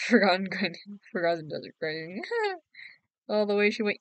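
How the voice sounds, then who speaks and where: A woman's voice: mid-range voice, a little slow, long pauses, no echo. A young woman chatting casually on a late-night game stream, giggly, teasing and sleepy. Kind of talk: casual live-stream chat.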